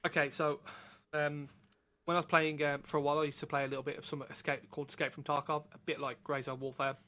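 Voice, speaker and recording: A man, a guest chatting casually and telling stories with lively energy. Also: on the high side, quick pace. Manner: animated storytelling, acts out quoted voices. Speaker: podcast guest, content creator. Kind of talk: casual chat.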